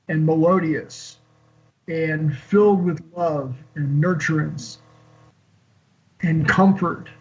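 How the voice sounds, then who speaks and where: Older man telling a raw story, lo-fi. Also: fairly high pitch. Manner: halting, many fillers and restarts. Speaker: guest. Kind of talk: emotional personal storytelling. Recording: dull lo-fi call audio.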